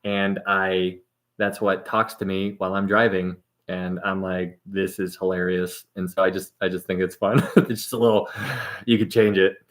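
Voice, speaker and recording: A man's voice: low voice, little pitch movement, moderate pace. A man hosting a casual livestream and reading out viewer comments. He rambles, laughs often and trails off mid-sentence. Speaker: livestream host.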